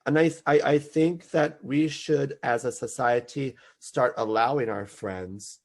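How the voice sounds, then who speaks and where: A man hosting a casual podcast chat, an animated storyteller who slips into playful impressions. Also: mid-range voice, a little slow, creaky. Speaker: podcast host.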